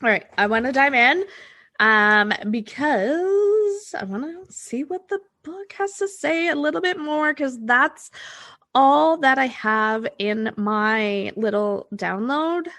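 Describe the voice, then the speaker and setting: A woman with a high, slightly bright voice speaks slowly but animatedly. She's a manifestation coach hosting a casual solo podcast, reading oracle cards and thinking aloud with many fillers.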